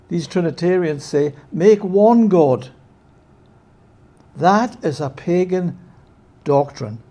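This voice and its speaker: A man preaching a sermon with emphasis, often checking in with his listeners with a quick "yeah?". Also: on the high side, dark tone.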